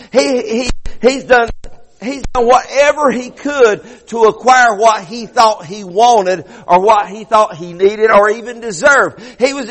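Brief: middle-aged man, pastor, high voice, fervent sermon with stuttering restarts, long church reverb.

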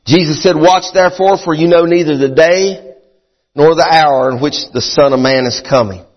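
A middle-aged man preaching a sermon as a pastor, a little out of breath. He repeats his phrases and swings between high, fervent bursts and low, chatty asides. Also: normal speed. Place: church sanctuary. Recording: muffled sound in a hall with long reverb.

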